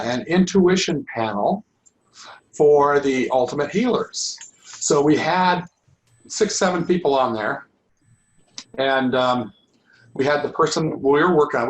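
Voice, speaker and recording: A middle-aged man teaching a holistic healing class, talking informally and restarting his sentences, his voice going hoarse. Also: mid-range voice, rough recording. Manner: rambling, restarts sentences often. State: losing his voice. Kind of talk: informal online class talk.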